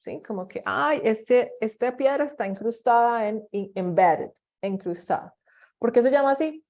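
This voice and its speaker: A woman's voice: fairly high pitch, fairly quick, darkish tone. A woman teaching an English class over a video call, explaining patiently and repeating examples with lots of fillers.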